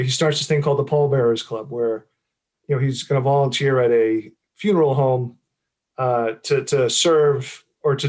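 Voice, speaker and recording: A middle-aged man, an author, talking casually in an interview, rambling with many fillers and restarts. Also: mid-range voice.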